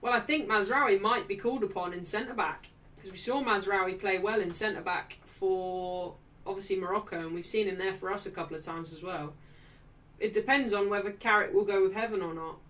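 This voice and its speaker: A young woman hosting a live football watchalong, excitably reacting to play and reading out viewers' chat messages. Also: mid-range voice, fairly quick, recorded from a distance.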